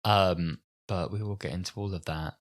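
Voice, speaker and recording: A man in his twenties co-hosting a podcast in casual chat, telling stories animatedly and mimicking other people with sudden high voices. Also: moderate pace. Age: 20s. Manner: animated storyteller, mimics others with big pitch jumps. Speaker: podcast co-host.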